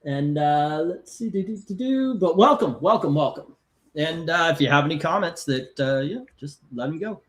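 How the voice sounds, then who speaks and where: A man's voice: on the high side, animated, normal speed. A man hosting a casual live stream, chatting and reading out viewer comments and scores. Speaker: host of a live comic-cover ranking stream.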